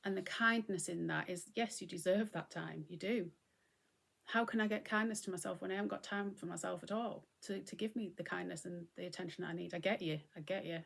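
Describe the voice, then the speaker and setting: A middle-aged woman giving a gentle, conversational talk on mindfulness and acceptance as host. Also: lowish voice, gravelly. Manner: gentle, conversational, often acting out what she would say.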